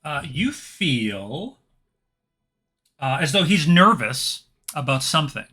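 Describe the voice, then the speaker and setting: A man's voice: fairly high pitch, big pitch swings, slow, pushed and bright, faint music behind. A man narrating as game master for a tabletop game, descriptive and hesitant with many fillers.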